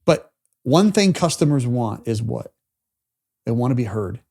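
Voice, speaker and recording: A podcast co-host living in Tennessee tells stories casually on a business podcast, rambling along and acting out the conversations he quotes. His medium-pitched voice is expressive, unhurried, gravelly and a little mellow.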